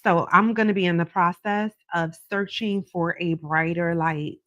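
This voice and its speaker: A woman's voice: fairly low pitch, fairly even intonation, unhurried, fairly bright tone, dry recording, muffled recording. A woman hosts a livestream, chatting casually and animatedly with viewers and answering their comments. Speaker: tarot reader livestream host. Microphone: camera on a stand.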